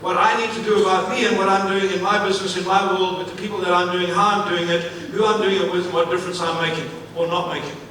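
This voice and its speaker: Male motivational speaker, high-pitched, punchy and repetitive, recorded from a distance in a big echoey hall. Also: quick pace, hardly any pauses, slight background noise. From Africa. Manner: energetic, repetitive, asks the audience questions. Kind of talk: live keynote speech to an audience. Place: large event venue, on stage. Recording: echoey hall, mic at a distance, faint ambience.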